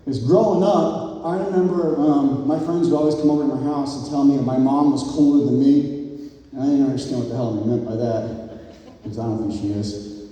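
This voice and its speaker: A man's voice: mid-range voice, a little fast. A man in his fifties giving a rambling, joking and sentimental wedding toast as the groom's old friend. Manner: rambling, joking, sentimental, shouts out crowd cheers. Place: wedding reception hall. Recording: echoey hall, mic from a distance.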